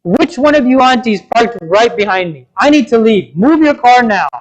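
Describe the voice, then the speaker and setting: A man's voice: very high-pitched, expressive, moderate pace, muffled recording. Man doing fed-up young guy, exasperated, complaining. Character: frustrated young male college dropout.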